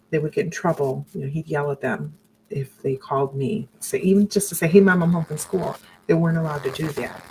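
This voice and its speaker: A woman's voice: sits low, warm tone, slight background noise, low-quality recording. A middle-aged woman earnestly recounting her own story to viewers on a broadcast, with reflective, faith-filled phrasing. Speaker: survivor sharing her story on a live broadcast.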